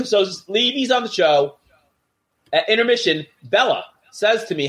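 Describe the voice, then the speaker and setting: A middle-aged man who wrestled in the past talks fast at a fairly high pitch, swapping backstage stories in casual storytelling. When he quotes people, he acts out their voices with animation.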